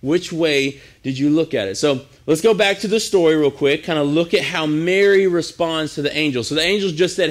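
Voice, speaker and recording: A man's voice: on the high side, a little fast, few pauses. A man as youth pastor giving a sermon in a casual, conversational way with frequent restarts.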